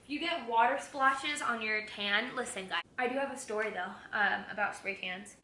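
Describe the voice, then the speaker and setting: A woman's voice: fairly high pitch, moderate pace, pushed and bright, slight background noise. Giggly, foul-mouthed young woman in an echoey kitchen. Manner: candid, giggly and profane. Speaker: vlogger. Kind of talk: casual chat. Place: home kitchen.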